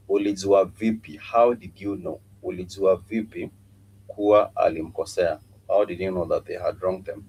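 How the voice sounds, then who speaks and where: A middle-aged man with a very low voice leads a live-streamed language lesson. He speaks patiently, repeating each phrase slowly and filling pauses with many hesitations. A faint hum sits under the stream. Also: a little mellow, low-quality recording. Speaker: language teacher. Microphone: streaming mic.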